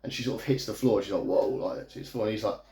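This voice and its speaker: A man's voice: on the low side, steady tone, quick pace, darkish tone. Chatty man recapping a film. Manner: chatty plot recap, amused, loose and rambling with fillers. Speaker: movie reviewer. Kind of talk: casual movie review vlog. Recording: echoey room.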